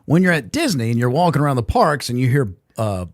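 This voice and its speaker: A man co-hosting a podcast in a studio, chatty and quick to go off on tangents and trivia. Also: medium pitch, big pitch swings, dry recording. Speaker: podcast co-host. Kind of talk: casual chat. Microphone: studio mic.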